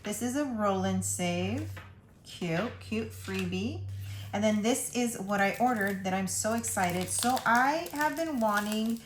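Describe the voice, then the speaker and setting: A woman's voice: medium pitch, unhurried. A woman hosting a casual budgeting vlog, chatty and gushing as she opens mail and reads notes aloud. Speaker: budgeting channel host. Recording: echoey room, faint noise.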